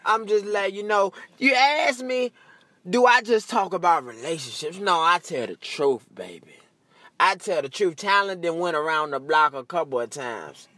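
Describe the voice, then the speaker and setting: Male comic, high bright tone, loose profane rant, laughs at his own jokes. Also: lively intonation, moderate pace, no echo. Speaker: comedian.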